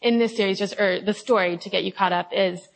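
A woman's voice: mid-range voice, fairly even intonation, a little fast, creaky, rough recording. A young adult woman giving a casual devotional talk, reading scripture and then chatting confessionally, with many fillers and acted-out quotes. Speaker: Bible study leader.

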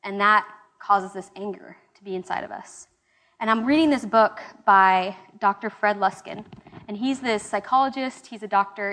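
A woman's voice: medium pitch, pushed and bright. A young woman giving a casual, conversational Bible study talk, with fillers and restarts. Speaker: small-group Bible study leader. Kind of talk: casual sermon teaching.

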